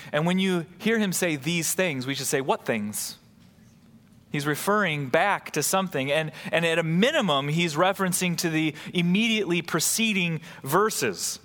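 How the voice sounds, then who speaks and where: A man's voice: fairly high pitch, fairly bright tone, long reverb tail. A man preaching a sermon, reading scripture and then explaining it with emphatic rises and drops.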